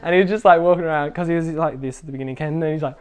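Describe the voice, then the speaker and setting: A young man telling a faith testimony at a casual youth gathering, excitable and full of fillers. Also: fairly high pitch, rapid-fire, clean tone. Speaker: youth group speaker.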